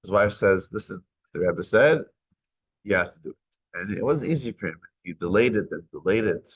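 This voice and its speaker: A man's voice: fairly low pitch, lively intonation, moderate pace, husky. A man teaching a weekly Torah class, retelling a story and acting out its dialogue. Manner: acts out dialogue in retold stories.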